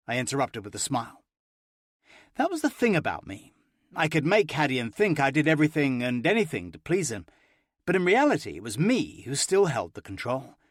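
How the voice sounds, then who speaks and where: A man narrating a first-person romance audiobook with an expressive, playful reading. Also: medium pitch, no echo, clean studio sound.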